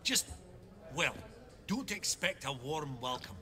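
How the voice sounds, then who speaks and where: A man's voice: a little high, big pitch swings, slow, over music. An actor voicing a jovial male banker in a video game who talks in a chummy, eager way.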